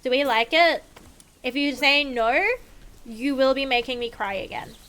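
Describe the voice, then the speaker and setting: A young woman streams a game live and chats casually with viewers, playful, sarcastic and swearing freely. Her high voice is a bit bright and clean, and she speaks a little slowly.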